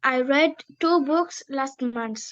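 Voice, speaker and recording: High-voiced woman answering slowly, dull recording. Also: a bit bright. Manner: careful, deliberate full-sentence answers. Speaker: English student. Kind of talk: answering drill questions.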